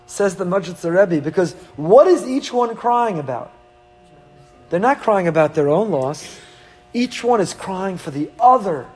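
A man's voice: sits high, darkish tone, slightly rough. A man, a rabbi giving an emphatic Torah sermon, full of rhetorical questions and rising with feeling.

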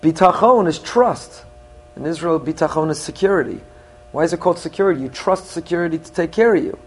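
Rabbi delivering a sermon, middle-aged man, slightly high voice, earnest, Hebrew phrases in English. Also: a little fast, slightly rough. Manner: earnest teaching, with rising emphasis on key points.

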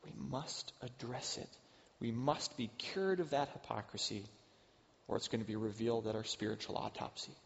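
A middle-aged man giving a sermon as a pastor, earnest, rising to loud emphasis and dropping to hushed asides. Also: fairly low pitch, expressive, fairly quick, creaky. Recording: dull sound with long hall reverb.

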